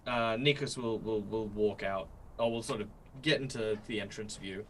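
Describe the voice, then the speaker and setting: A man's voice: fairly low pitch, moderate pace, slight background noise, rough recording. A man playing a tabletop game, rambling and correcting himself as he explains his moves. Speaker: player.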